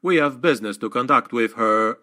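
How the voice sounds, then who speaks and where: A man voicing a stern gray-haired master of arms in an audiobook, calm, measured and quiet. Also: medium pitch, lightly acted.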